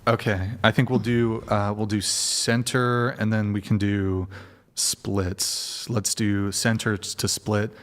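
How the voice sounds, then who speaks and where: A man's voice: on the low side, level tone, fairly bright tone. Crude joking male host. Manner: crude, joking, quick restarts. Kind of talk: provocative panel chat.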